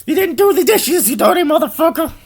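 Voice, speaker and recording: Shrill nagging wife, screeching insults, way up high. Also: male voice, very animated, fast, heavily acted. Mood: shrieking nagging. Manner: screeching, crude.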